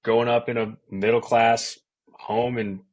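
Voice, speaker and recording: A man in his thirties from Colorado, a sports anchor telling a casual, animated story as a podcast guest, full of slang. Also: mid-range voice, unhurried. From Colorado, USA.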